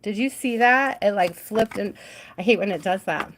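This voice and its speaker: A woman's voice: medium pitch, normal speed, background noise. A woman hosting a live tarot reading stream, chatty and giggly, often trailing off mid-thought.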